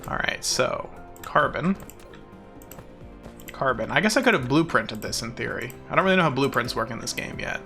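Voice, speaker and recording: A man's voice: medium pitch, expressive, normal speed, long pauses, sharp tone, soft background music. A man streaming a game live, chatting playfully with mock-boastful bragging and frequent laughter. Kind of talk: casual live-stream commentary while playing.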